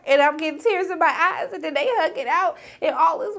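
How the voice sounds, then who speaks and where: Woman reviewer, high voice, casual chatty recap, playful asides to viewers. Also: normal speed, hardly any pauses, a bit bright. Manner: chatty, addresses viewers as y'all, acts out characters' lines. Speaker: TV episode reviewer.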